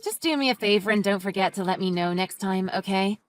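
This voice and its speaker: A woman voicing a calm, reasonable young mother in a text-message story, speaking in an even-tempered way. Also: mid-range voice, brisk, dry recording, faint music behind, lightly acted.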